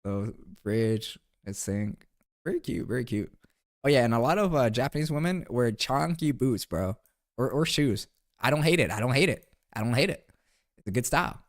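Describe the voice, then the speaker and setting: Young male streamer, casual rambling recap, animated pitch, dry close sound. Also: moderate pace, dry recording. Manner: rambling, playful, calls viewers bro. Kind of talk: casual chat over photos.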